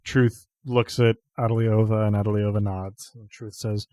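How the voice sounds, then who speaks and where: A man narrating a tabletop game as game master in a relaxed, hesitant way. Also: on the low side, normal speed, few pauses, no echo.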